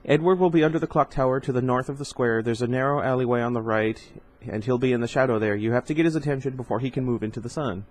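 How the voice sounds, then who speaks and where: Fierce young vampire woman, urgent, clipped, a bit raised, read by a man, middling pitch. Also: quick pace, hardly any pauses, darkish tone, close to an everyday voice. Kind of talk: audiobook reading.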